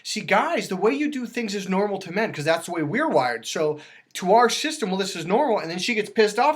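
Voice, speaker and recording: Dating coach guy, slightly high voice, emphatic, does little voices for quotes. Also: sing-song, fairly quick. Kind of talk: animated coaching talk.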